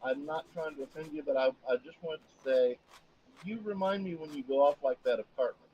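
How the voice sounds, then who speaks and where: A man's voice: a little high, brisk, mellow. A man co-hosting a casual podcast, speaking in a hesitant, teasing way. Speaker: podcast co-host. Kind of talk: casual chat. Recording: slightly dull lo-fi sound with faint hiss.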